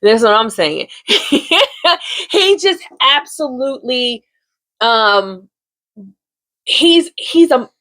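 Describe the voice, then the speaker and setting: A woman recaps a soap opera for her viewers with sass and slang, talking straight at them. Her voice sits high and gets animated as she goes. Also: very slow, pauses often. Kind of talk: casual chatty recap.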